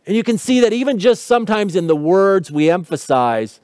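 High-voiced man preaching a teaching sermon. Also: big pitch swings, normal speed, few pauses, darkish tone, clear, resonant tone, no echo, studio quality. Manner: explanatory, asks rhetorical questions; teaching tone with light humor. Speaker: pastor.

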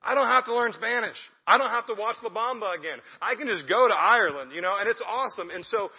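A man's voice: high voice, expressive, quick pace, pushed and bright, husky. A young man, a missionary, giving a chatty, self-deprecating talk to a church congregation. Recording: echoey hall, dull lo-fi sound.

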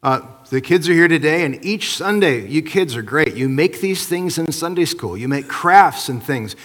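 A man's voice: on the high side, animated, normal speed, a bit bright, long reverb tail. A man preaching a sermon as pastor, conversational, asking the congregation questions. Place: church sanctuary.

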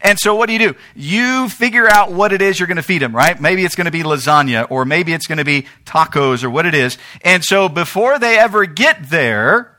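Animated high-voiced pastor. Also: male voice, a little fast, few pauses. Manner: animated, talks straight to the congregation with frequent "right?". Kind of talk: sermon. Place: church.

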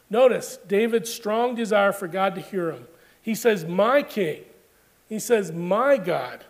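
A man preaching a sermon in an earnest, emphatic way, building points through repeated phrases. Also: sits high. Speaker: pastor.

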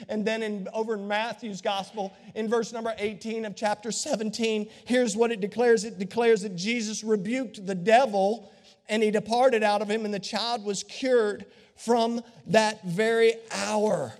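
A man preaching a sermon as pastor, dramatic, acting out the voices of Bible figures and swinging from hushed tones to shouts. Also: sits high, steady tone, moderate pace. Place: church sanctuary. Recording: long hall reverb.

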